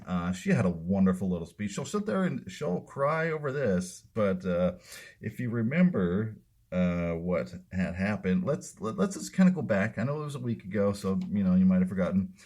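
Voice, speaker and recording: Male podcast host, deep, sardonic, slow and halting. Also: darkish tone. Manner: sarcastic, drawling, halting with fillers. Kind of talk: political commentary podcast.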